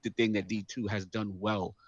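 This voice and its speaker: Enthusiastic low-voiced podcast co-host man. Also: level tone, moderate pace, no echo. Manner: enthusiastic, rhythmic, repeats "okay, boom". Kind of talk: casual chat. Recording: dull, lo-fi sound.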